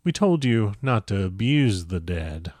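A stern elder witch, read by a man, quiet but commanding. The voice is low and the sound dry and close. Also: sing-song, a little slow, no echo. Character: older woman witch, stern coven elder.

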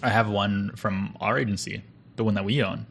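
A young man co-hosting a podcast tells a story in a fairly low, slightly bright voice with vocal fry. His tone stays steady at a moderate pace while his delivery rambles casually, packed with fillers and restarts.

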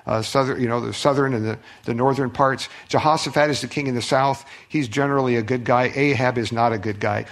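A middle-aged male pastor preaching a sermon, telling a story with conversational restarts, swinging from loud outbursts to hushed asides. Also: medium pitch. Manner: conversational, repeats words and restarts.

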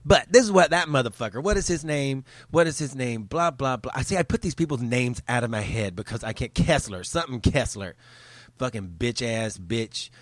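A man's voice: mid-range voice, expressive, a little fast, hardly any pauses, no room sound. A man delivering a heated, profane, sarcastic rant as a vlogger. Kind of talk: angry ranting monologue.

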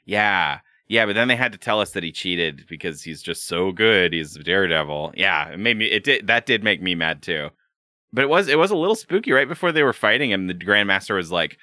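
A man's voice: sits low, lively intonation, brisk, bright, forceful tone, no room sound, studio quality. A man co-hosting a podcast in loose casual chat, laughing often and swearing freely. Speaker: podcast co-host.

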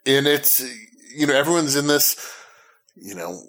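A man co-hosting a casual film discussion, giving measured, hedging opinions. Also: on the high side, expressive, fairly bright tone. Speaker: podcast co-host.

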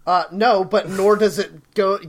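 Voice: mid-range voice, fairly even intonation, unhurried. A podcast co-host talks in a casual chat with a dry, pedantic edge. The delivery stays level while the speaker argues over details and corrects others.

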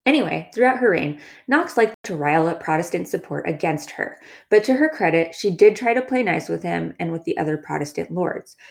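A woman's voice: fairly low pitch, a little mellow. A woman narrating history in a casual scripted style, full of wry, sarcastic asides. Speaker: history podcast host.

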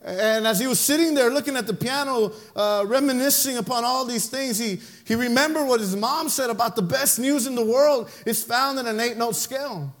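High-pitched preacher guy, emphatic, telling a story to the church. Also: normal speed, few pauses. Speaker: pastor. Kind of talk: sermon with storytelling.

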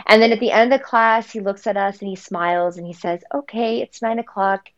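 Speaking fast at a medium pitch, a woman author earnestly reflects in a podcast conversation where she is the guest. Her speech is full of "you know" and "um," and the audio is dull.

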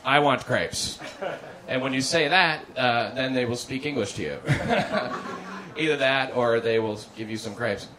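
A man performs stand-up in a comedy club, his voice sitting at an ordinary middle pitch. He talks in a deadpan, halting way, tripping over his own restarts. Loud audience laughter fills the live recording around him. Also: crowd noise, poor audio. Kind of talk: stand-up routine.

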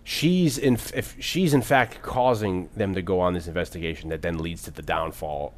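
A man's voice: low-pitched, normal speed. A man casually talking about a film as podcast co-host, rambling with frequent laughs and swearing. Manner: rambling, profane, laughs often.

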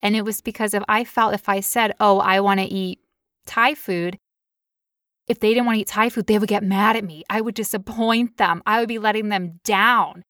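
A woman in her thirties speaks candidly about her own past, leaning on casual "like" fillers as she co-hosts a podcast. Her voice sits at a middle pitch and the recording is dry and close, with no room sound. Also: steady tone, a little fast, hardly any pauses, fairly bright tone, no echo. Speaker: podcast co-host. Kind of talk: personal storytelling in casual chat.

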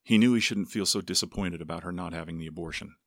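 A man reading a novel aloud in steady storytelling narration. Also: low-pitched, quick pace, dry recording, clean studio sound. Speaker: audiobook narrator. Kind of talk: scripted narration with character voices.

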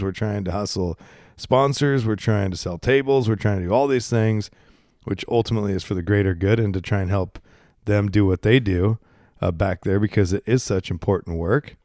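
A man's voice: lowish voice, darkish tone, no echo, clean studio sound. Congested man rambling into a handheld mic. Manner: rambling, candid and self-deprecating. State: congested, coughing and burping. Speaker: podcast host. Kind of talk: casual solo podcast monologue. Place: home garage. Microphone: handheld microphone.

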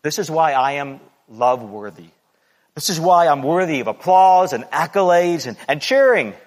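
A man's voice: a little high, big pitch swings, normal speed, in a large hall. A man preaching a sermon in an earnest, repetitive way, acting out the boasts he quotes.

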